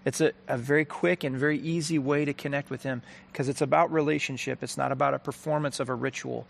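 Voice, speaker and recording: A man's voice: mid-range voice, fairly even intonation, fast, creaky, a little hiss or hum. A man giving an earnest, conversational faith talk, telling a story and applying it.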